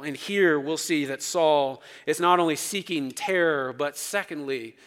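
A man preaching a sermon with emphatic delivery and dramatic swings between quiet and loud. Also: a little high. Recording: long reverb of a large hall.

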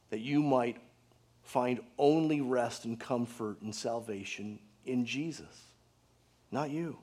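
A pastor at medium pitch preaches a sermon to his congregation. He's earnest, poses rhetorical questions, and drops to a hushed tone for emphasis.

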